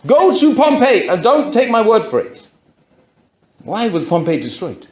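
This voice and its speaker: A man tells his personal story to an audience, raising rhetorical questions as he goes. His voice sits a little high and swings widely in pitch. The sound is roomy and echoey. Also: very animated, unhurried. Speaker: speaker giving a conversion testimony.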